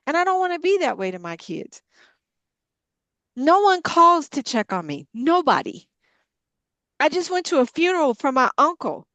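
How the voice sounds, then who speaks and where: Brief: middle-aged woman, Bible study leader, frank and impassioned, higher-pitched voice, dry close sound. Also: big pitch swings, normal speed, pauses often, a bit bright, no echo. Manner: blunt, impassioned, frank swearing. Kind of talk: candid group discussion.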